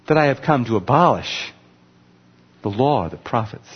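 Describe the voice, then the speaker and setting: A man's voice: medium pitch, huge pitch swings, a little slow, slightly rough. A man preaching a sermon, teaching in an emphatic way and pointing things out on a screen with a laser pointer. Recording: muffled recording with long hall reverb.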